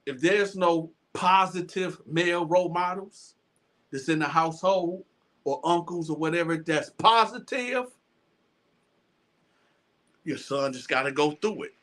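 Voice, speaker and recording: A man with a high, bright voice talks to his viewers in a loose, animated storytelling style. He stumbles and restarts his phrases and repeats lines for emphasis. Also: unhurried, long pauses. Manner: animated, repetitive, stammering restarts. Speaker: show host. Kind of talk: casual storytelling monologue.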